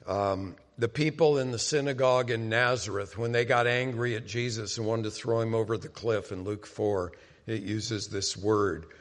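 A man preaching a sermon as pastor, explaining scripture in a conversational teaching manner and acting out quoted lines with sudden loud bursts. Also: lowish voice, steady tone, moderate pace.

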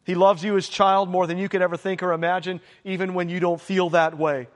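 A man's voice: high voice, level tone, fairly quick, hardly any pauses. A man preaching a sermon, emphatic and repeating his exhortations. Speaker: pastor. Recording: long hall reverb.

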